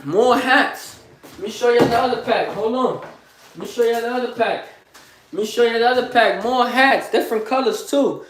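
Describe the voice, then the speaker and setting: A man's voice: extremely high pitch, moderate pace, fairly bright tone, heavy reverb, slight background noise. A young man boasting in street slang, repeating himself and firing questions at the listener in a live motivational vlog. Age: young adult. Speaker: motivational vlogger.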